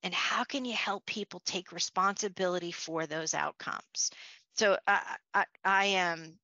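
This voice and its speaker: Bright-toned woman giving a leadership talk. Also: on the low side, measured pace, no echo, lo-fi sound. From Long Island, New York. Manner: conversational, restarts, storytelling asides. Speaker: leadership speaker.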